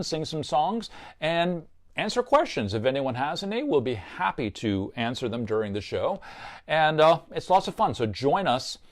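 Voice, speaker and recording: An upbeat man walks young viewers through a simple puppet craft, chatting as he works. His voice sits at a middling pitch but swings widely up and down as he talks. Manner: upbeat, chatty, explains step by step. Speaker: puppeteer and craft show host. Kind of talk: children's craft tutorial.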